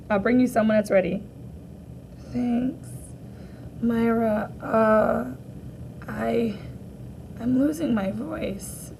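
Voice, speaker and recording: A woman teacher reading a graphic novel aloud for children, gently voicing each character in turn. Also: medium pitch, creaky, slight background noise, rough recording.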